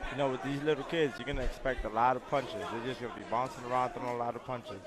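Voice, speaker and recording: A man's voice: mid-range voice, steady tone, racing. A man who coaches boxing, joining the commentary as a guest, matter-of-fact. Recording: loud event crowd and music.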